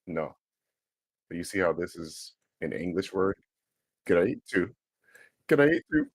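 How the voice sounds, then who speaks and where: Low husky man swearing casually. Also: fairly even intonation, unhurried, dry recording. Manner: swears freely, sounds out foreign words. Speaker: streamer. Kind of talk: casual livestream chat.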